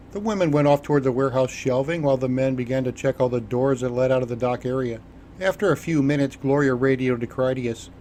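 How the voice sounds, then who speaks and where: A man narrating an audiobook in an even, measured reading style. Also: medium pitch, slight background noise. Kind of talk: scripted narration.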